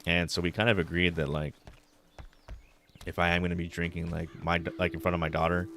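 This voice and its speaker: A man in his thirties streams a game and chats casually, his low voice flat and fairly quick. He rambles in a laid-back way, swears often, and drops in Spanish words.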